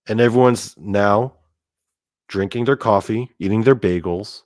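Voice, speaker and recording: Male host, lowish voice, loose rambling delivery with swearing, dry close mic. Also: normal speed, darkish tone, no room sound. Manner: rambling, filler-heavy, swears freely. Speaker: podcast host. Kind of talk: casual storytelling.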